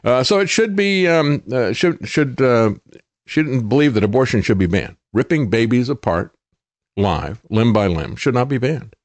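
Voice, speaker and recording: A man's voice: medium pitch, big pitch swings, moderate pace, no room sound. A middle-aged man hosting a political talk show, speaking indignantly and sarcastically with many fillers and restarts. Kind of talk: opinionated commentary monologue.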